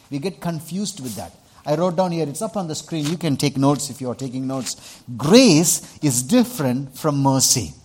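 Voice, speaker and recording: A man's voice: medium pitch, a little mellow, slightly rough. A man with an Indian accent preaching a sermon in church, earnest and repetitive, drawing responses from the congregation. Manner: earnest, repeats himself, asks the congregation for responses. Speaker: pastor.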